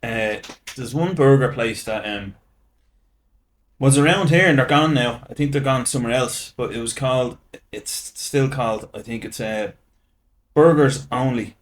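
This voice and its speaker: A man's voice: medium pitch, normal speed, a little hiss or hum. A man from Ireland hosting a casual podcast chat, mostly chiming in with short agreement. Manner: brief agreeing interjections. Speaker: podcast host.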